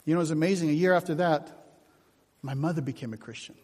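A man preaching a sermon, telling personal stories with acted-out dialogue, moving from loud shouts to hushed whispers. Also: on the high side, fast. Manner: animated storytelling, shifts from shouts to hushed whispers. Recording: long hall reverb.

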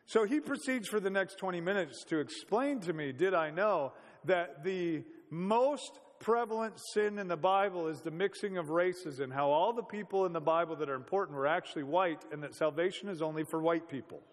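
A man's voice: high voice, normal speed, few pauses, big-room sound. A man preaching a sermon in a conversational, storytelling way, full of rhetorical questions.

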